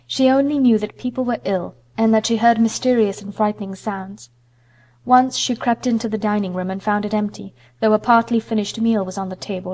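Reading a classic novel aloud, this female audiobook narrator uses a mid-range voice and an expressive yet measured delivery.

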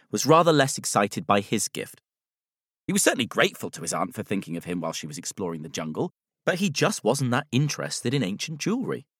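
Male storybook narrator, measured and expressive, dry close sound. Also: lowish voice, dry recording.

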